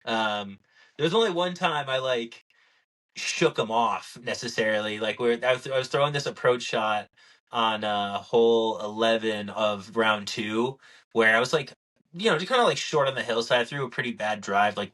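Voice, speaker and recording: A young man co-hosting a casual podcast, telling stories animatedly and acting out what people said. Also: lowish voice. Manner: animated storyteller, acts out quotes. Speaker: podcast co-host. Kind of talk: casual chat.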